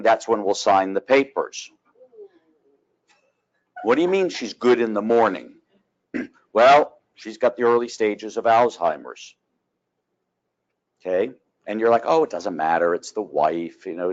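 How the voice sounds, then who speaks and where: A man teaching a continuing education class on real estate law, telling folksy stories and clearing his throat often. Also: on the low side, highs cut off.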